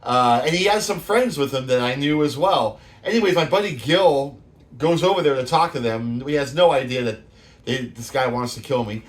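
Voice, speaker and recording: A show host in his fifties from the San Francisco Bay Area delivers a casual monologue of loose, profane stories full of laughter. His voice is medium in pitch and moves at a normal speed.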